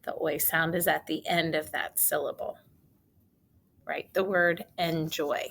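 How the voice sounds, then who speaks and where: A woman teacher giving a phonics spelling lesson for young children, sounding out each word slowly and deliberately. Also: low-pitched, steady tone, gravelly, fairly bright tone, slight background noise. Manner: slow, deliberate, sounding out words. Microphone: recorded for a video lesson.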